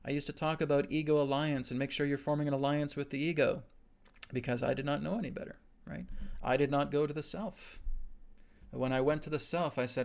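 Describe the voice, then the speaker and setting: A man hosting a live stream and giving a spiritual teaching in an earnest, repetitive way, with frequent "right?" checks. His voice sits at a middle pitch with a gravelly edge. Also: flat delivery, a little fast.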